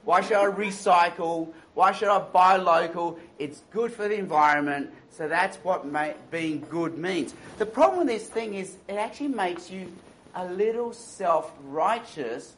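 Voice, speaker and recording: An Australian man preaches a sermon full of animated stories, mocking smug attitudes with playful impressions. His voice sits high, and the audio quality is poor.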